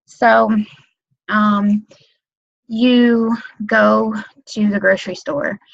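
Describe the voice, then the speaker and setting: Lady coaching new sales folks on a webinar, um and like everywhere, flat dry lo-fi sound. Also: medium pitch, extremely slow, vocal fry, no room sound. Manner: rambling, lots of um, like and you know. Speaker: direct sales consultant training new team members. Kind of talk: casual webinar training talk. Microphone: computer mic on a webinar.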